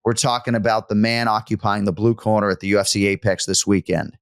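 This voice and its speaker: A man's voice: lowish voice, fairly even intonation, quick pace, smooth, dry recording, studio quality. A man co-hosting a sports podcast, joking around in casual chat and swearing freely. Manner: profane, joking banter. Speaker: podcast co-host.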